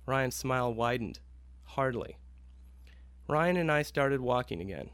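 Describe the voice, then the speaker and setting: A man's voice: medium pitch, moderate pace, a bit bright, smooth, no room sound. A man narrating a short story about a workplace friend in an easygoing tone.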